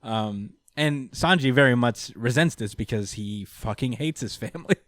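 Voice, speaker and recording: This young man's mid-range voice moves at a normal speed as he recaps a manga chapter on a casual podcast, laughing a lot and voicing the characters in an animated way. There's no echo on the recording.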